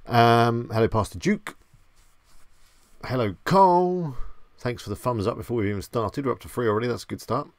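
A man's voice: mid-range voice, fairly even intonation, quick pace, few pauses, no room sound. A man hosting a casual live stream, chatty and self-deprecating, greeting viewers by name.

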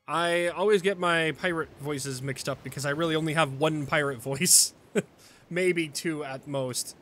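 A man hosting a casual game playthrough, jokey and animated as he reads the dialogue aloud. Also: a little high, a little slow, soft background music. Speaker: gaming YouTuber.

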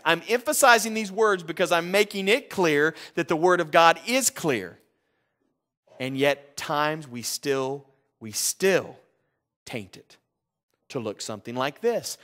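A man preaching a sermon as pastor of a church, emphatic, swinging between ringing emphasis and hushed, low confession. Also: expressive, measured pace.

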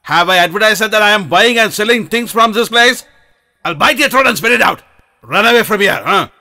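An actor dubbing a brutal male beggar-gang boss who threatens and shouts at his men, in an English film dub. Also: fairly high pitch, normal speed. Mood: furious.

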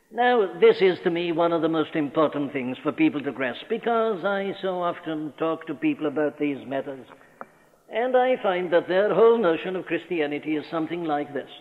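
On an old, thin, phone-like radio broadcast recorded in a large church hall, a man with a somewhat high voice and lively intonation preaches at normal speed. He is earnest and emphatic, raising rhetorical questions.

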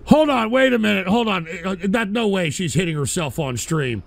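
A man with a drawl hosts a live stream in a strikingly high, gravelly voice. His pitch swings widely as he shouts in mocking, overblown concern. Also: expressive, moderate pace, dry recording. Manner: loud, mocking, with sudden shouts. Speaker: streamer host.

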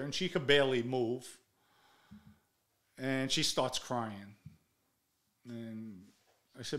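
A man's voice: medium pitch, takes it slowly, long pauses, a bit bright. A middle-aged man, a podcast host telling a personal story in a blunt, heated way and swearing freely.

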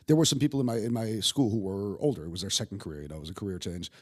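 A young man from New York with a New York accent, a chef talking in a casual podcast conversation, profane and animated, restarting his sentences often. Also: on the low side, racing, husky. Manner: profane, animated storyteller with many stammered restarts. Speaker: guest chef.

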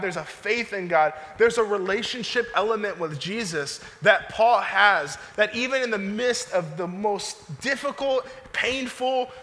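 A young male pastor preaches in a high, bright voice, keeping his sermon casual and conversational with slang and frequent questions to the congregation. The sound carries a long church-hall reverb. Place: church sanctuary.

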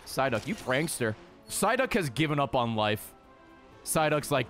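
A man hosting a let's play, giving casual game commentary, excitable and heavy on swearing as he talks to the creatures on screen. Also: medium pitch, measured pace, faint music behind.

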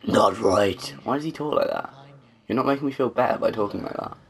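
A man's voice: fairly low pitch, animated, fairly quick, creaky. A man casually commenting as he plays a game, swearing and joking to himself. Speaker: gamer. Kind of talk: let's play commentary.

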